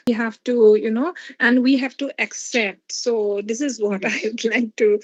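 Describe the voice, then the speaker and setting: Animated high-voiced Northeast Indian woman. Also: a little slow, no room sound, muffled recording. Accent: Northeast Indian English. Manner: animated, chatty, many "you know" fillers. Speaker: university academic.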